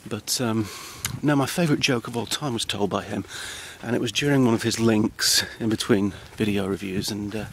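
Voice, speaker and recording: A man speaking outdoors on a countryside path in a hesitant, halting, dry deadpan ramble full of ums and restarts. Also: on the low side, gravelly, a little hiss or hum, rough recording. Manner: dry, self-deprecating. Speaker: comedy vlogger.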